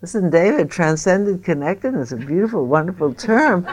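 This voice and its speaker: A woman's voice: fairly low pitch, lively intonation, a little fast. A woman meditation teacher leading a group dharma discussion, encouraging and chatty with rambling asides. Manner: warm, encouraging, laughs easily, rambling asides.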